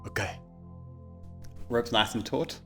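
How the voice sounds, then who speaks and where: A man's voice: mid-range voice, steady tone, slow pace, fairly bright tone, faint music behind. A man playing a tabletop game, talking in a playful way. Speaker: player.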